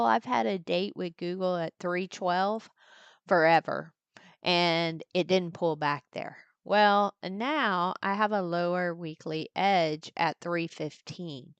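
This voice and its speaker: Low, gravelly-voiced woman trading host. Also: no echo. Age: older. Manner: chatty, breaks off to talk with her granddaughter. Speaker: trading educator hosting a live stream. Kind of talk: casual live market walkthrough. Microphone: desktop mic at a computer, screen sharing.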